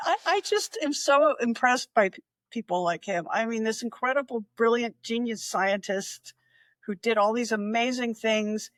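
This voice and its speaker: A podcast guest presenting a history segment, telling stories in an animated way and chuckling often. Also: mid-range voice, moderate pace, dry recording. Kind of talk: casual storytelling chat.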